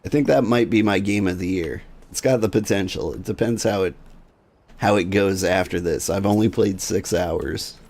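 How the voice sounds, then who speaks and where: A man streaming a game, chatting casually and relaxed with his viewers. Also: low-pitched, normal speed. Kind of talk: casual gaming stream chat.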